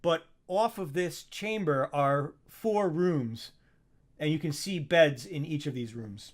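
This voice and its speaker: A man's voice: fairly high pitch, slow pace. A man narrating a tabletop game as dungeon master, describing scenes and speaking for characters.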